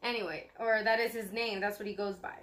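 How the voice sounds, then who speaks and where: A woman's voice: medium pitch, steady tone, a little fast, fairly bright tone. A young woman chatting casually to her viewers on her vlog, bubbly and rambling with lots of fillers. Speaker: vlogger.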